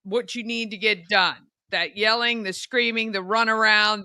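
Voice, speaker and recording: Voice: medium pitch, unhurried, sharp tone, no room sound, clean studio sound. A cohost in casual morning chat who reacts with chatty, indignant agreement. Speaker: show cohost.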